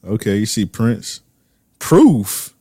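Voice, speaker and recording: A man's voice: lowish voice, sing-song, slow pace, warm tone, slightly rough, no room sound, studio quality. A man co-hosting a casual chat, bantering loosely with heavy slang.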